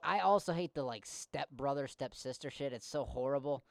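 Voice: mid-range voice, moderate pace, creaky. A speaker in crude casual banter who mocks and acts out quoted lines.

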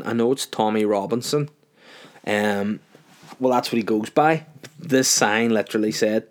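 A man's voice: on the low side, normal speed. A man in his thirties with a Northern Irish accent, ranting casually on his solo podcast, profane and rambling. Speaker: podcast host.

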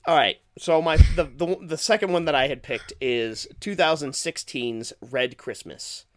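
A man's voice: on the high side, measured pace, a bit bright. A man co-hosting a podcast, reviewing horror films in a casual, rambling and profane way. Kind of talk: casual chat.

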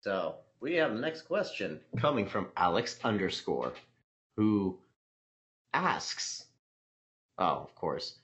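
A man's voice: fairly low pitch, very animated, takes it slowly, pauses often, fairly bright tone. A man co-hosting a podcast, reading out listener questions in wry, bantering casual chat. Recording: dull lo-fi podcast audio.

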